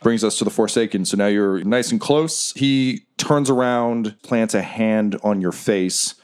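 Man narrating as game master. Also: on the low side. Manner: calm, measured narration.

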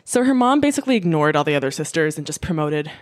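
A woman's voice: low voice, very animated, fast talker, no room sound, clean studio sound. A woman hosting a podcast, telling a story in a chatty way, full of fillers and swearing freely. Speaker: podcast host. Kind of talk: casual storytelling.

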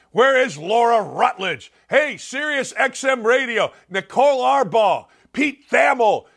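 A middle-aged man hosting a sports talk show, ranting loudly and combatively, with mocking jabs and sudden jumps in pitch. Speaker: sports radio host. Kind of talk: opinionated sports talk monologue.

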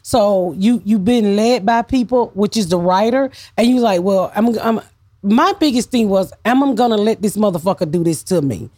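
A woman with a Southern US accent, a guest comedian talking loudly and animatedly in casual podcast chat, cussing freely. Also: mid-range voice, normal speed, no echo, studio quality.

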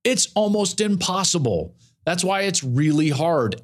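A middle-aged man hosting a sports opinion show, breaking down college football with emphatic, animated delivery and repeated phrases for effect. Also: high-pitched, a little slow.

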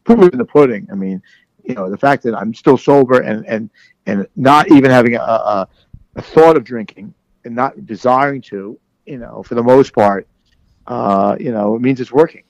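A middle-aged man calling in as a guest, chatting casually in a halting way with lots of repeated words. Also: medium pitch, a little mellow, dry recording, low-quality recording. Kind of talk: casual chat.

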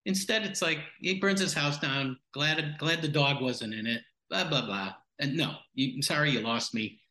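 A man's voice: on the high side, moderate pace, bright, forceful tone, reverberant, poor audio. A man co-hosting a film podcast, speaking bluntly and with exasperation, tossing in sarcastic quips. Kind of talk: casual film discussion.

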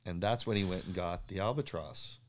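A man, a surfboard craftsman, telling animated stories in an interview, acting out the dialogue and laughing at his own jokes. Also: low voice, a little fast. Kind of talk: storytelling in a podcast interview.

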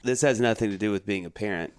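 A man's voice: on the low side, fast, a little hiss or hum. A man co-hosting a podcast, telling stories on himself in a playful, joking way. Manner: playful, self-mocking storyteller. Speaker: podcast co-host. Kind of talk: casual chat.

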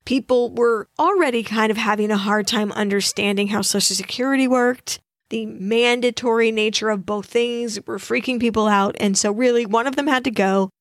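A woman co-hosting a casual history podcast, telling the story with expressive asides. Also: on the high side, moderate pace, dry recording, studio quality. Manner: expressive storyteller, reads quotes aloud. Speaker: podcast co-host.

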